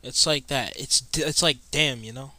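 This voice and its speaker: A young man reacting live to a football game he is watching, muttering and exasperated, with sudden loud outbursts. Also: mid-range voice, normal speed, no room sound. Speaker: sports fan watching a game.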